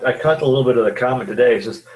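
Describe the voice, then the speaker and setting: Calm, rambling man co-hosting a chat. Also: mid-range voice, racing, lo-fi sound. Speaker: podcast co-host. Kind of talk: casual political chat.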